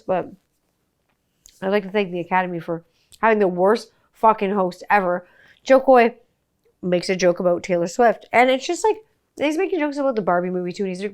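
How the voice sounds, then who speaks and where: A woman in her forties hosting a podcast, ranting and telling stories in a casual, sweary, sarcastic way. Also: medium pitch. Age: 40s. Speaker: podcast host. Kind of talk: casual profane monologue.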